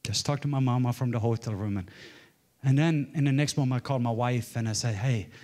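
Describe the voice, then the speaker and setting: A man in his forties from Norway, preaching a sermon as a story, swinging from loud exclaims to hushed murmurs. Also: mid-range voice, fast. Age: 40s. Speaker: guest preacher.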